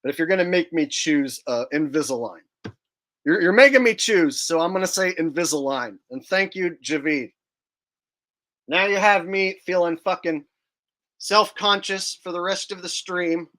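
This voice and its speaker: A man's voice: sits high, moderate pace, a bit bright. A man hosting a livestream, rambling and joking in casual, profane commentary. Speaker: streamer host.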